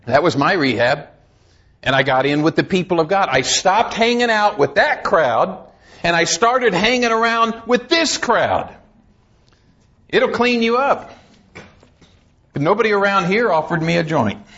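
A man's voice: high voice, animated, unhurried, fairly bright tone, lo-fi sound. A middle-aged man preaching a sermon in a church, telling stories in a folksy, humorous way. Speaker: pastor.

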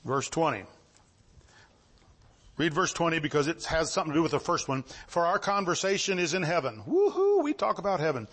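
Animated high-pitched male preacher. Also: brisk, breathy edge. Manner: animated, swings from low reading to high exclamations; reads scripture in King James wording. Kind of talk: sermon.

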